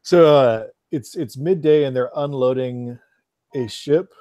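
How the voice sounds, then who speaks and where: A male player on a video call with a mellow, warm tone. He speaks hesitantly and keeps restarting his sentences while describing what his character does. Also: mid-range voice, measured pace. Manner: hesitant, chatty, full of restarts. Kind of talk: tabletop role-play.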